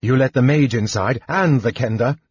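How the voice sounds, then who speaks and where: A man's voice: medium pitch, expressive, moderate pace, a little mellow, husky, no echo. A man reading an audiobook voices an impatient young knight who gives curt orders. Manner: curt, commanding. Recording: dull lo-fi recording.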